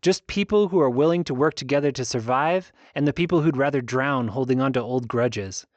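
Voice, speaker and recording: A man's voice: medium pitch, a little fast, no echo, muffled recording, lightly acted. A man reading an audiobook, voicing a passionate young woman heroine who speaks up with urgent, indignant force. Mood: earnest, urgent.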